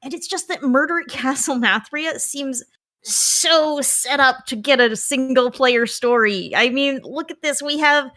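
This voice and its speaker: Bright-voiced woman podcast co-host, lively and enthusiastic, a touch high. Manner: animated, quick to laugh, enthusiastic. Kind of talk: casual podcast chat.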